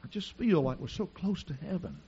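A middle-aged man preaching a sermon, telling stories in an animated, repetitive way with frequent restarts. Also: fairly high pitch, a little fast, highs cut off, slight background noise. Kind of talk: sermon with storytelling.

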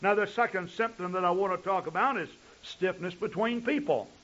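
A man's voice: sits high, brisk, a bit bright. A male pastor preaching a sermon, telling stories in long chains of "and" with frequent restarts. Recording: dull lo-fi recording.

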